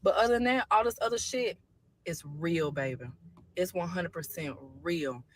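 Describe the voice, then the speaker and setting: A woman's voice: fairly low pitch, normal speed, a little hiss or hum. A woman ranting in a selfie phone video, blunt, profane and defiant, talking straight at her viewers. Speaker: social media poster. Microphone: phone with camera filter.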